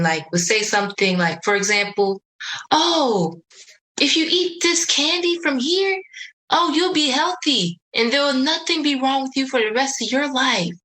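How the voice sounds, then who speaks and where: A woman's voice: fairly high pitch, bright, forceful tone. A teenage girl, a seminar participant, explaining an answer in a somewhat hesitant way over a distant video call.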